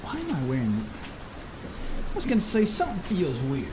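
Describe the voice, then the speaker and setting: A man's voice: fairly high pitch, wildly swooping pitch, normal speed. A man hosting a gaming stream, joking with friends and getting the show ready to start. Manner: playful, joking banter. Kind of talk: casual gaming stream chat. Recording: heavy rain noise behind.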